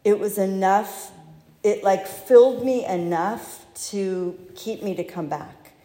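A woman telling her own recovery story in a candid, halting, self-deprecating way, recorded in a large hall. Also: mid-range voice, mellow. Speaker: speaker sharing recovery story. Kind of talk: personal testimony talk. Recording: echoey hall.

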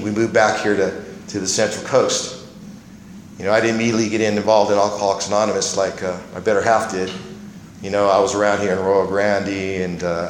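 A man's voice: fairly low pitch, a little hiss or hum. Man telling his recovery story in a roomy hall. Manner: rambling storyteller with many fillers and restarts. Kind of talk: personal testimony at a recovery meeting.

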